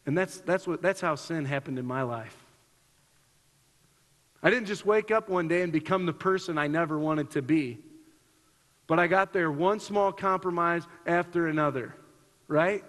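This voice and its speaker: A man's voice: normal speed, pauses often, fairly bright tone. A man preaching a sermon, earnest and repetitive, reading scripture and then reflecting on it. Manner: earnest, repeats himself, rises in pitch for emphasis. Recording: long hall reverb.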